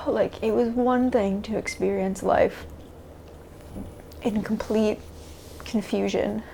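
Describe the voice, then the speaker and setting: A woman vlogging a confessional self-talk monologue to camera, halting and searching for words with many restarts. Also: medium pitch, steady tone, gravelly, mellow, a little hiss or hum. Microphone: camera mic.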